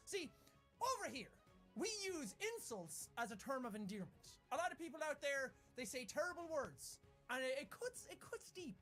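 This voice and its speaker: A man's voice: moderate pace, soft background music. A young man with an Irish accent, giving a comedic lesson in Irish slang and jumping into exaggerated quoted voices. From Ireland. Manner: animated, jumps into exaggerated high-pitched quoted voices. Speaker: YouTuber.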